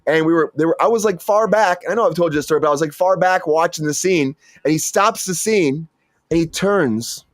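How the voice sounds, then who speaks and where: A man hosting a casual entertainment news show, talking in a rambling way that is full of stammers and restarts. His voice sits fairly high, and the sound is dry and close with no room around it. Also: fairly quick, no echo. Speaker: show host.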